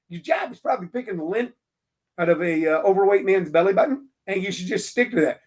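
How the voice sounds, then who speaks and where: A man hosting his own show, talking through a casual monologue in an animated, emphatic way, ranting with playful jabs. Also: high voice, fast. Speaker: show host.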